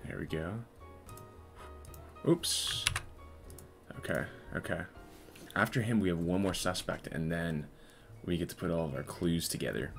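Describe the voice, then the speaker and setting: Creaky and low, this streamer's voice moves at a measured pace with frequent pauses over faint music. As he works on camera, he keeps up a relaxed, joking banter with his audience, teasing the chat along the way.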